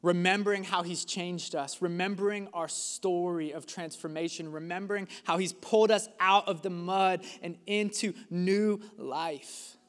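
A man preaching a sermon as a pastor, earnest and emphatic, with dramatic pauses. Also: high-pitched, fairly even intonation, long reverb tail.

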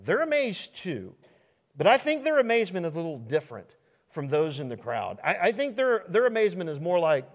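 A Midwestern American pastor preaches a sermon to his congregation in a fairly high voice, a little fast. His pitch swoops wildly as he works through restarts and rhetorical questions, and the long echo of a large church sanctuary carries the sound.

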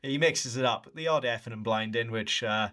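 A man's voice: medium pitch, normal speed, pushed and bright. A man in his early thirties co-hosting a podcast, telling stories in a chatty way and laughing often. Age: early 30s. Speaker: podcast co-host, former player. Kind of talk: casual chat.

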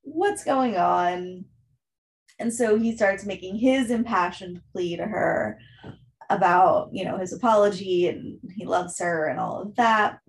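A woman's voice: mid-range voice, measured pace. A woman co-hosting a casual book discussion, recapping the plot in a chatty way with many fillers. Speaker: book podcast co-host.

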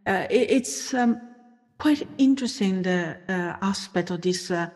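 A woman's voice: medium pitch, a little slow, darkish tone, in a large hall. A woman interviewing, speaking hesitantly with many fillers.

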